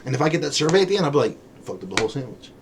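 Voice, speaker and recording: A man co-hosting a podcast, chatting casually and telling lively stories, acting out the people he quotes and laughing often. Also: medium pitch, rapid-fire, noisy background. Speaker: podcast co-host. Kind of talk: casual chat.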